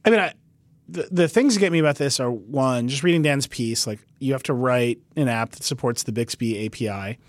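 A man hosting a casual tech podcast, joking and quick, laughing often. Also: medium pitch, no room sound. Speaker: podcast host.

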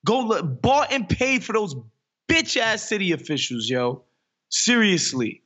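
A man's voice: high voice, big pitch swings, unhurried, a bit bright, dull audio. A man co-hosting a podcast in casual chat, ranting with profanity and rising exclamations. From New York. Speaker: podcast co-host.

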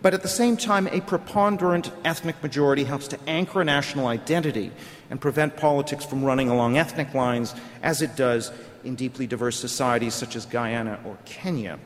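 A man's voice: medium pitch, brisk. A middle-aged man giving a prepared conference speech, arguing his case in a lecturing way with rhetorical questions. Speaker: conference speaker. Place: conference hall. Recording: long hall reverb.

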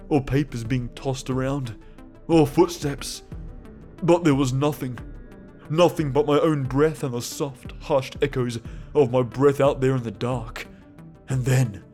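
A man narrating a first-person horror story in a tense, frightened way, with sudden shouted cries. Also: medium pitch.

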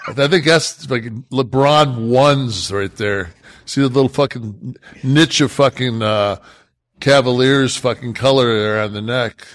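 A man in his sixties co-hosting a podcast, talking casually in a rambling, profane way, full of halting restarts. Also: medium pitch, dry recording, studio quality. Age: 60s. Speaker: podcast co-host. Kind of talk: casual chat.

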